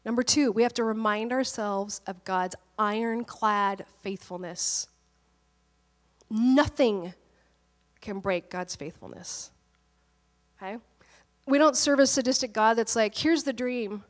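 A woman pastor preaching in a relaxed, talkative manner, with a fairly high voice. She tells stories and laughs easily between points. Her voice rings out with the long reverb of a big hall. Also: takes it slowly, pauses often. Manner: chatty storytelling, laughs often. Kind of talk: conversational sermon.

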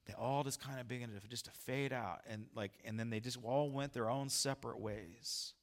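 A male pastor telling a story in a sermon, animated and acting out his own lines loudly. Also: mid-range voice, normal speed.

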